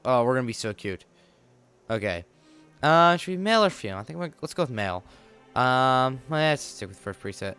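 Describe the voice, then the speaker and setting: A man chats his way through a video game in a smooth, resonant voice, goofy and playful as he invents silly backstories. Faint game music hums underneath his talk. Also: mid-range voice, fairly bright tone. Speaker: let's play gamer. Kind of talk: casual gameplay commentary.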